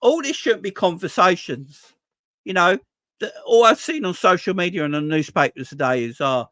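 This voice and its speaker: Here a fan-channel host rambles casually about football in a high, expressive voice, pushed and bright, at normal speed. The recording is dry. Frustration makes him exasperated, so he curses, trips over his words and repeats himself.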